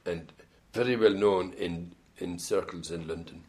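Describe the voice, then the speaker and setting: A man's voice: low-pitched, measured pace, darkish tone. An older man with an Irish accent telling rambling stories in an oral history interview, full of hesitant restarts. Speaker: interviewee, former band musician.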